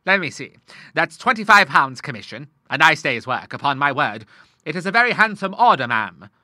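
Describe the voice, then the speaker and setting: A man playing a bluff, hearty old navy admiral in a storybook reading. He blusters along in a lively, bouncing voice, bright and forceful, recorded close and dry. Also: fairly high pitch, moderate pace, no room sound, heavily acted. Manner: hearty, blustering, full of sea talk.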